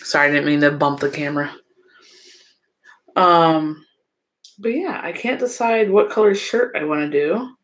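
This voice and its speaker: A woman's voice: low-pitched, normal speed, pauses often. A young woman, casually chatting with viewers on a livestream, sleepy and yawning often. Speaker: livestream host.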